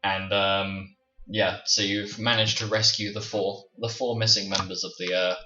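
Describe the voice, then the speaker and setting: A man's voice: fairly low pitch, level tone, normal speed, pushed and bright. A man who is feeling unwell narrates a tabletop game as game master on a live stream, with a growly voice and a casual, rambling delivery full of restarts. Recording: roomy, distant, dull lo-fi stream audio with music.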